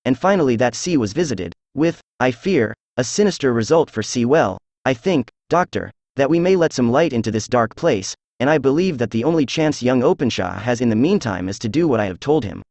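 A synthesized male voice reading a classic detective story aloud as narrator, in an even, measured manner. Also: mid-range voice, no echo. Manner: even, measured text-to-speech reading of all parts.

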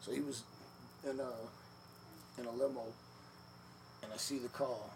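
A man with a gravelly, mid-pitched voice tells a long story as a guest in an interview. He talks easily, fills pauses with "you know" and acts out what others said. There is steady background noise under him. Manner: relaxed storyteller, many fillers, acts out quotes. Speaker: podcast guest, former wrestler. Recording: noisy room ambience.

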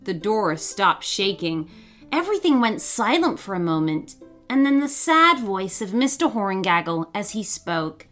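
A woman storyteller giving an expressive, dramatic reading of a children's story. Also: mid-range voice, a little slow, faint music behind.

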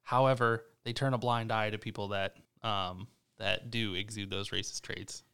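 A laid-back man chatting casually, who jokes and swears now and then. His voice has a gravelly edge but still sounds bright and clear. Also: on the low side, steady tone, moderate pace. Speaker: podcast co-host. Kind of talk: casual chat.

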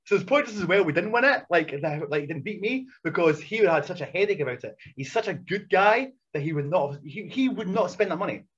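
A man, a wrestler and coach, telling stories as a podcast guest in a casual, animated way that is full of swearing and restarts. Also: high-pitched, quick pace, hardly any pauses, slightly rough. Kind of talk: casual storytelling chat. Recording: muffled lo-fi sound.

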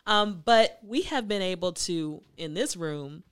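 A woman hosting a motivational talk, telling a story in a chatty, emphatic, animated way. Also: on the low side, a little slow, hardly any pauses, clear, resonant tone. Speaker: host.

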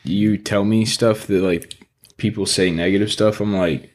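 A male podcast co-host talking in a loose, casual chat. His voice sits a bit low, and he tells stories bluntly, with plenty of profanity. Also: unhurried. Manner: blunt, profane, animated storytelling.

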